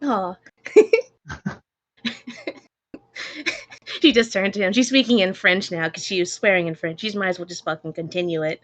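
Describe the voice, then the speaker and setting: A woman's voice: mid-range voice, moderate pace, pauses often, no room sound. A woman playing a tabletop role-playing game, swearing often and laughing as she describes her character. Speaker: player. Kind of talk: tabletop role-play banter.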